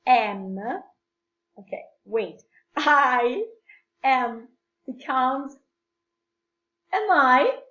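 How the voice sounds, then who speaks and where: A woman with an Italian accent teaching English at a very slow, patient pace, her voice pitched a little high. She repeats short phrases carefully for her pupils. The sound is dull and lo-fi, in an echoey room at home. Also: a bit bright. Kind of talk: slow classroom explanation mixing English and Italian.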